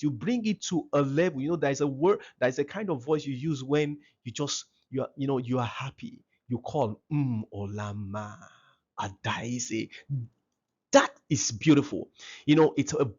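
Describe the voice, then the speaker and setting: A man's voice: fairly high pitch, moderate pace, a little mellow, breathy edge, dull audio. A man giving a seminar talk to parents, emphatic and repeating his key phrases.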